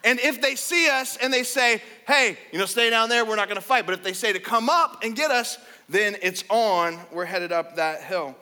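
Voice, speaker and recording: A man's voice: high voice, normal speed, few pauses, sharp tone, long reverb tail. A man voicing a bold young warrior prince who rallies his companion into battle, in a brash, eager way. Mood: rallying.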